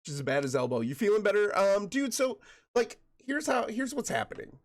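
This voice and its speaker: A man's voice: high voice, big pitch swings, brisk. A man streaming a game, joking and greeting viewers by name, while getting over a chest cold that makes him cough. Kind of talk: casual chat with viewers while gaming.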